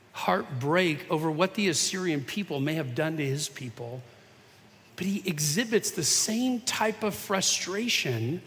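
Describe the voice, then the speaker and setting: Man, pastor, conversational sermon, somewhat high voice, long hall reverb. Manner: conversational preaching, big swings from hushed to emphatic.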